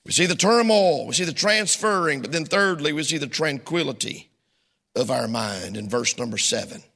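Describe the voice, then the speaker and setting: A male pastor preaching a sermon, swinging his voice widely and breaking into sudden shouts. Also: on the high side, animated, normal speed. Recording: long hall reverb.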